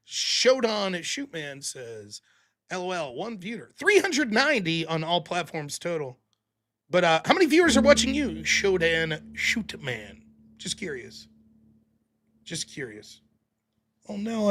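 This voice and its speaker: A man hosting a live call-in stream, talking casually and acting out quotes in voices. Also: high-pitched. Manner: animated, acts out quotes in voices. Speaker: call-in show host.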